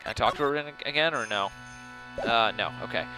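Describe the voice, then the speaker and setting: A man's voice: medium pitch, a little fast, music in the background. A man casually commenting while playing a game, rambling and mumbling to himself. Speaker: let's play host.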